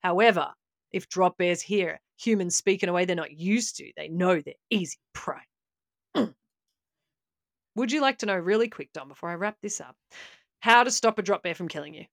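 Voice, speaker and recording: A woman's voice: lowish voice, moderate pace, gravelly, dry recording, studio quality. An Australian woman co-hosting a comedy podcast, telling a legend in a mock-serious, tongue-in-cheek way. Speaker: podcast co-host. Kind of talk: comic podcast storytelling.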